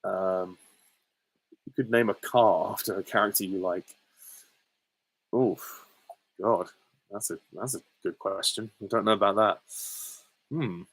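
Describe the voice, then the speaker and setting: A man answering viewer questions in a relaxed Q&A, thinking aloud with plenty of ums and pauses. His voice sits fairly low, and the sound is dry and close with little room echo. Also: husky. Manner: musing, hesitant, many fillers. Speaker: channel host. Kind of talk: casual Q&A with viewers.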